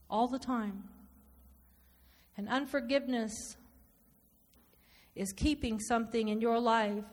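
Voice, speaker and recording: A woman's voice: a little high, long reverb tail. A woman preaching an earnest sermon, reading scripture and confessing her own failings.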